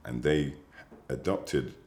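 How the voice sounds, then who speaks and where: An English man being interviewed, talking in a measured, musing way with pauses and fillers. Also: rumbling low, a little mellow, roomy sound. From England. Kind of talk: reflective interview talk.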